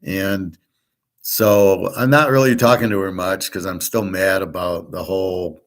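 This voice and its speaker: A man's voice: low voice, fairly even intonation, unhurried. An older man hosting a show, telling a long grievance story in a blunt, profane, rambling way. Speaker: show host. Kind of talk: casual rambling monologue.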